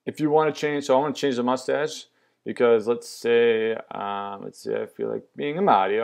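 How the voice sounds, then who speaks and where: A man's voice: mid-range voice, moderate pace, vocal fry. A young man casually and enthusiastically walking through an app demo, upbeat and loose with fillers. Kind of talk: casual product demo walkthrough.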